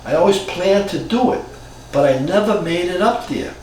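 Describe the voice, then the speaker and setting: A man in his sixties from Cambridge, Massachusetts, telling a personal story in a reflective, halting way with frequent restarts. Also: high voice, lively intonation, a little mellow. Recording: very echoey room from far off, faint noise.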